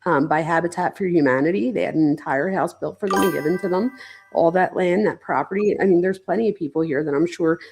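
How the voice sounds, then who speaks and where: Faint music plays behind this psychologist as she hosts a casual true-crime stream. Her lowish voice is fast and darkish with vocal fry, and she chats loosely with many "like"s and self-interruptions.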